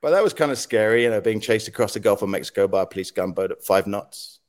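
A man on a podcast as a guest, telling lively stories in casual talk, acting out quotes and noises and laughing often. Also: fairly low pitch, fast talker. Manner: animated anecdotes, acts out quotes and sound effects, laughs often. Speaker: podcast guest, former news agency head. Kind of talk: casual storytelling interview.

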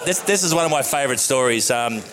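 A man hosting a casual chat and interviewing guests, talking in halting, restarting phrases. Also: medium pitch, animated, fairly bright tone, a faint crowd. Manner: halting, with many ums and restarts. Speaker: host.

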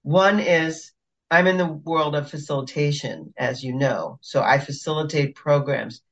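A woman's voice: deep voice, measured pace, muffled recording. A woman podcast co-host who works as a facilitator, talking in a casual, emphatic and exasperated way. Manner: emphatic, exasperated about pet peeves. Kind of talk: casual chat.

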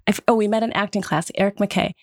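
Lively woman in her fifties from Wisconsin. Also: mid-range voice, fast talker, dry recording, clean studio sound. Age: 50s. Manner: lively storyteller, acts out quoted voices. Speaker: podcast guest sharing her story. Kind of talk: casual group conversation.

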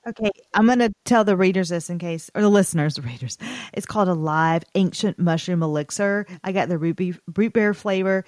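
A woman's voice: lowish voice, a little fast, darkish tone, no echo, studio quality. Playful laughing woman podcast co-host. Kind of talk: casual chat.

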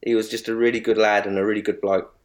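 A man in speedway journalism, sharing memories of a late colleague in a halting, repetitive way, often restarting sentences. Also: lowish voice, flat delivery. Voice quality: halting, many restarts and repeats. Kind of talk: emotional tribute reminiscence.

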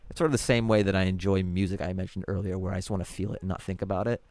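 Laid-back man, low voice. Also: steady tone, rapid-fire, a little mellow, dry recording. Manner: laid-back storytelling with frequent fillers. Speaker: comedian guest. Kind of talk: casual podcast conversation.

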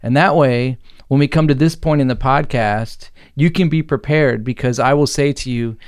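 A man hosting a podcast in casual chat, laughing easily through relaxed banter. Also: mid-range voice, moderate pace, smooth. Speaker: podcast host.

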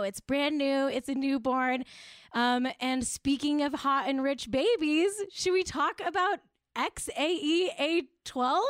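A woman's voice: fairly high pitch, dry recording, studio quality. A young woman hosting a live web show, chatting casually and mocking herself, with frequent giggles and lots of "like.". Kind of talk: casual live-stream chat.

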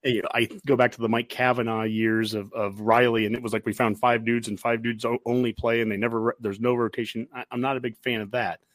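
A man co-hosting a sports podcast, talking in a casual, animated way and getting worked up as he goes. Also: mid-range voice, fast, hardly any pauses, no room sound. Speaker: podcast co-host.

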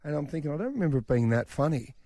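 Man, middle-aged, animated storyteller, acts out quotes, dry sound. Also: on the high side, very fast, no echo. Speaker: radio host. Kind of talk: casual storytelling.

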